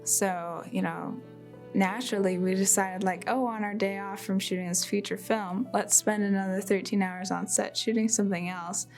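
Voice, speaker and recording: A woman's voice: medium pitch, steady tone, moderate pace, a little mellow, faint music behind. Chatty young woman recalling a film shoot. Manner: chatty, many "like" fillers. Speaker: film crew member. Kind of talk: behind-the-scenes recollection.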